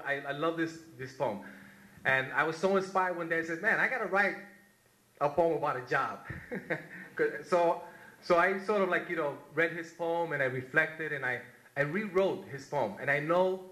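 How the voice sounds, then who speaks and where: At a community gathering, a New York man delivers an impassioned tribute, repeating himself and reading a poem he wrote. His fairly high voice sounds pushed and bright, and the audio is poor and roomy.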